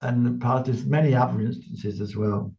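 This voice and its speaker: An older English man, a medium, telling lively anecdotes in a casual interview and laughing often. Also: medium pitch, moderate pace, gravelly. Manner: chatty storyteller, laughs often, lively quoted voices. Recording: slightly dull sound.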